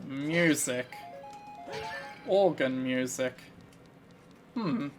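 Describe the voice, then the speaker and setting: A man's voice: medium pitch, very slow, soft background music. A man casually commentating his video game playthrough, musing through his moves with a slight frog in his throat. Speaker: let's play host.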